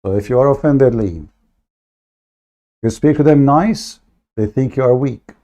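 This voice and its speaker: This man's voice is medium-pitched, warm and unhurried, yet his livestream rant is heated and combative. As host, he mocks, insults and attacks aggressively.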